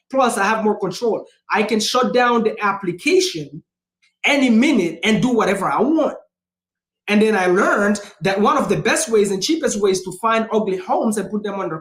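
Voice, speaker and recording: A man hosting a livestream as a real estate investor, speaking in a casual, energetic, emphatic way and repeating phrases for punch. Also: sits high, roomy sound. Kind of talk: casual motivational talk.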